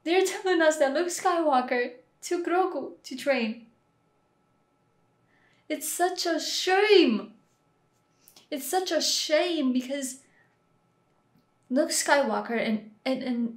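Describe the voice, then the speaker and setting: A woman hosting a reaction video, talking through a show with emotional exclamations and gushing. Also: fairly high pitch. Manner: emotional, exclaims and gushes loudly. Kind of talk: excited reaction commentary. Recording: echoey room with show audio behind.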